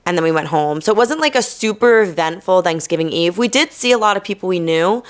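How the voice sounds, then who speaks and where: A young woman from New Jersey hosting a podcast, telling a night-out story in a casual, animated way, swearing and quoting people with sass. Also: lowish voice, fast. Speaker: podcast host.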